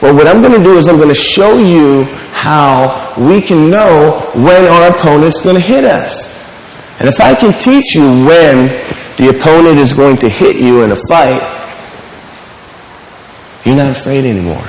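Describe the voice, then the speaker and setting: A man teaching a martial arts class, telling lively stories and putting questions to his students. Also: on the high side, a little slow, pauses often, a little hiss or hum. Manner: animated storyteller, asks the class questions. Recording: echoey hall with faint ambience.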